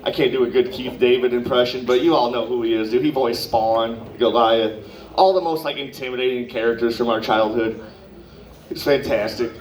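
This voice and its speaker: A man's voice: mid-range voice, steady tone, normal speed. A young man doing a stand-up set at an open mic, telling rambling, profane stories full of asides. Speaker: stand-up comedian. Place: comedy club open mic. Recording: roomy, distant live club recording.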